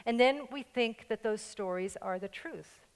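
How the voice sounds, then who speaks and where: A woman's voice: a little high, a little slow, smooth. An older woman pastor with a slight New York accent, giving a playful, joking sermon and laughing along with her congregation. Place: church sanctuary with congregation. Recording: long church-hall reverb.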